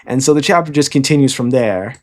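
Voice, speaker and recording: A man's voice: mid-range voice, brisk, a little mellow. A man casually retelling a comic chapter in a loose, rambling way, often tagging his lines with "all right?". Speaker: manga reviewer.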